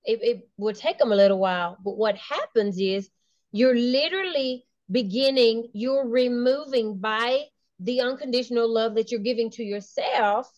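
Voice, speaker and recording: A woman's voice: a little high, normal speed, darkish tone, no room sound. A woman guest in a casual interview, talking enthusiastically, laughing often and restarting her sentences. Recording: dull lo-fi dry sound.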